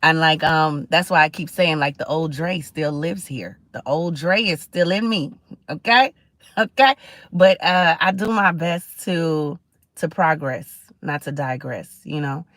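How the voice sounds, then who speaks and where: A woman's voice: sits low, unhurried, fairly bright tone, dry recording. A middle-aged woman hosting a casual livestream, talking in a chatty, preachy way and greeting viewers. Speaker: livestream host.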